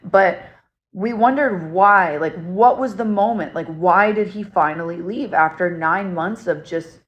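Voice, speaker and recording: A woman's voice: lowish voice, a little slow, lo-fi sound. Earnest young woman telling a story. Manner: earnest, excitable, lots of fillers. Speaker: paranormal storyteller. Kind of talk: casual storytelling to camera.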